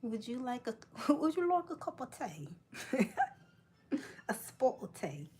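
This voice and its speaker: A woman's voice: on the high side, very animated, unhurried, darkish tone, a little hiss or hum, voice pushed up. A woman voicing a mock-posh British woman offering tea, in a put-on British accent, exaggerated and playful.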